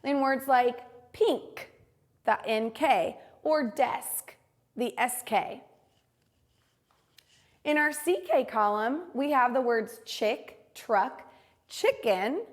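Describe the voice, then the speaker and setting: Slow, careful woman teaching phonics. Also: a little high, expressive. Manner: slow, carefully enunciated word-by-word modeling. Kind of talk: phonics lesson for young children.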